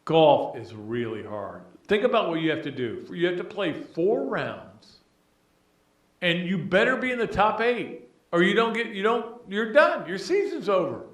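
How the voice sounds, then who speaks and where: Rambling, animated male podcast host. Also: high-pitched, a little slow. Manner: animated, rambling, emotional, many restarts. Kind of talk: casual sports talk monologue. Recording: roomy echo.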